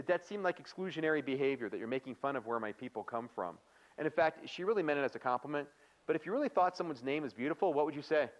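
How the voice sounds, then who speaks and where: A man's voice: fairly high pitch, rough recording. A man giving a live workplace training lecture, chatty and playful, often quizzing the audience with questions. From United States. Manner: playful, acts out quoted remarks.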